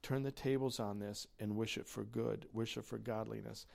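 A man shares a prayer update in soft, earnest tones. His voice is low and gravelly and stays flat, heard from a distance in the room. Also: moderate pace.

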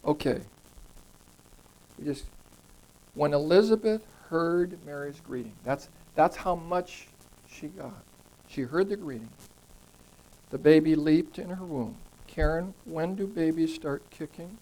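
A warm-toned man with a slightly high voice leads a Bible study, unhurried and pausing often, captured in a low-quality recording. He talks through scripture conversationally, poses questions to the group and repeats words for emphasis.

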